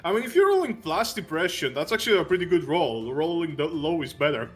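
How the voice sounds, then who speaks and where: A man's voice: a little high, very animated, fast talker, soft background music. A man running a tabletop game as game master, laughing often and rambling through his narration.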